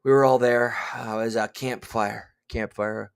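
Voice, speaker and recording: A man's voice: mid-range voice, fairly even intonation, unhurried, gravelly, clean tone. A man hosting a casual livestream, chatting loosely and reading out viewer names. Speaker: livestream host.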